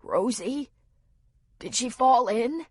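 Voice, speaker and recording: A woman voicing a frightened, shaken grown man with a raspy voice, halting and pleading. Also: fairly high pitch, expressive, no echo, studio quality, pitched above the performer's own voice, exaggerated voice.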